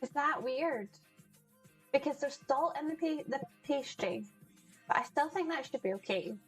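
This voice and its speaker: A woman's voice: high voice, expressive, normal speed, faint music behind, low-quality recording. Chatty woman livestream cook. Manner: chatty, greets chat by name, laughs often. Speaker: livestream cooking host. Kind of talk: casual chat with viewers while cooking. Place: home kitchen.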